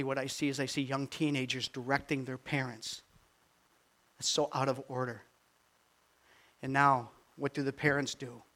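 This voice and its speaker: An older man, a grandfather, preaching a sermon with animated swings from quiet asides to near-shouted peaks. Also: mid-range voice. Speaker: pastor.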